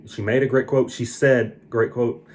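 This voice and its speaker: A man's voice: mid-range voice, fairly even intonation, a little slow, a little mellow, a little hiss or hum. A tired man delivers a casual film review in an ordinary mid-range voice. He is earnest and opinionated. He often restarts his sentences. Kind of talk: casual movie review vlog.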